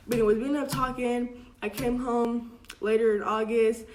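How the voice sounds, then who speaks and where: A woman's voice: a little high, steady tone, fairly quick, darkish tone, a little hiss or hum. A young adult woman telling a casual storytime, chatty and full of slang, acting out what her family said. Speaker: vlogger.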